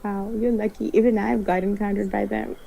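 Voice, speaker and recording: A woman's voice: medium pitch, very animated, a little fast, vocal fry, mellow, slight background noise, low-quality recording. A woman co-hosting a live trading stream, chatting casually and laughing often. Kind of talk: casual group chat about trading.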